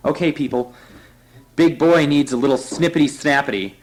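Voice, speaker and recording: A man voicing a flamboyant, fussy male hair cutter in a high, gushing, theatrical voice, reading a storybook aloud. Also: moderate pace, lightly acted.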